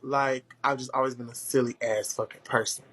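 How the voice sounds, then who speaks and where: A man holding forth in a relaxed conversation, his voice bright and forward. He tells stories with a steady stream of swearing and swings high in pitch when he gets worked up. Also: a little fast. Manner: profane, animated storytelling with big pitch swings. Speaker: host. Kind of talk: casual chat.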